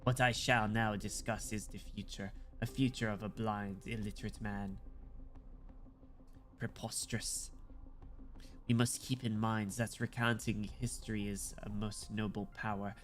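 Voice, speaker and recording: A man's voice: lowish voice, flat delivery, measured pace, fairly bright tone, soft background music, pitched below the performer's own voice. A man voicing a ragged, condemned man who gives a grand, solemn speech of prophecy. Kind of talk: dramatic reading of game dialogue.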